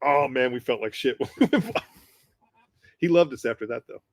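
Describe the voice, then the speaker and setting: A man telling a profane war story on a casual podcast, animated and swearing freely. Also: mid-range voice, fairly quick, no echo. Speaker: podcast co-host.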